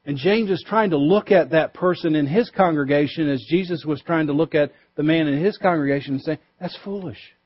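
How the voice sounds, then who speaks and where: A male pastor preaching a sermon, emphatic, pushing his voice up for stress and dropping low and quiet to drive points home. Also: brisk, hardly any pauses, muffled recording. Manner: emphatic, rises and drops for stress.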